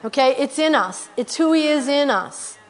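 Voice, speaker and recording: A woman telling a story in a sermon, animated, repeating her phrases. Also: sits high, normal speed. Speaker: speaker sharing testimony. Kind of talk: sermon testimony. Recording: long hall reverb.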